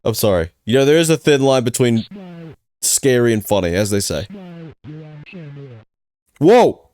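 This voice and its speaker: A young man hosting a reaction video at a mid pitch, talking in casual slang. He jokes around and thinks out loud as he picks apart creepy clips. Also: expressive, fairly quick, no echo.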